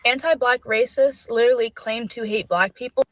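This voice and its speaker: A woman's voice: on the high side, normal speed, no room sound. A woman speaking bluntly and indignantly in a played clip.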